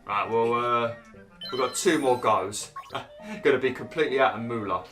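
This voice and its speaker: A man's voice: normal speed, fairly bright tone, faint music behind. A young man commentating on his own gameplay in a chatty way, swearing and yelping when frustrated. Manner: bursts into high exclaims when annoyed. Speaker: gaming YouTuber. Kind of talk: Let's Play commentary.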